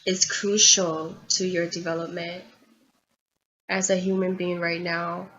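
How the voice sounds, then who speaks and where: A woman's voice: lowish voice, little pitch movement, unhurried, a bit bright. A woman giving a tarot reading in an earnest, confiding way, often repeating herself as she goes. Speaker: tarot reader. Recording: dull lo-fi audio with faint background hiss.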